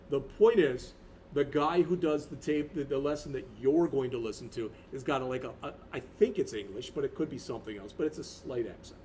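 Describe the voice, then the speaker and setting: A man's voice: a little high, a little mellow, slight background noise. A man in his fifties, a college instructor, talking through a recorded lecture in a rambling, conversational way with many restarts.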